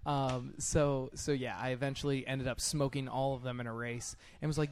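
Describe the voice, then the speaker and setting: A young man co-hosting a casual chat, telling animated stories, laughing often and acting out what others said. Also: mid-range voice, normal speed, few pauses. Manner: animated storyteller, laughs often, acts out kids' taunts. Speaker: podcast co-host.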